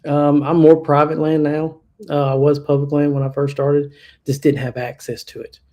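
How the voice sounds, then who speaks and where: A hunter from Kentucky, speaking as a podcast guest, keeps the interview chat casual and plainspoken with many fillers and restarts. His voice is a little high and a little mellow, with little pitch movement, at a normal speed.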